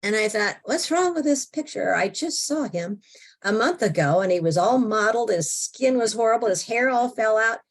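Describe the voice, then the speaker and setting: An older woman, an interview guest, telling a personal story in an animated, expressive way and acting out her own thoughts. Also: mid-range voice, normal speed.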